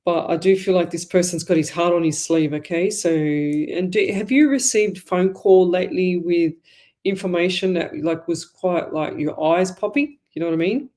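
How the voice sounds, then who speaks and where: A psychic medium hosts a live reading show from her home, rambling and chatty, her talk full of fillers and asides. Her voice is lowish and mellow, at a normal speed.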